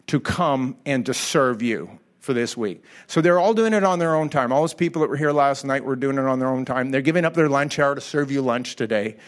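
A middle-aged pastor preaches to his congregation with a slightly high voice. He tells his story in an animated way and laughs easily along the way. His delivery is a lively sermon that stays personal. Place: church hall before an audience.

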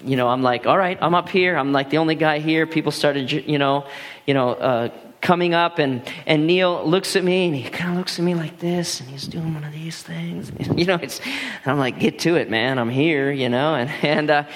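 A man in his thirties tells stories from the pulpit as a pastor, with a voice that sits a little high. He talks in an animated, casual way, restarting his sentences often as he goes. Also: moderate pace. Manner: animated, laughing storyteller with many restarts. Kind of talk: storytelling sermon.

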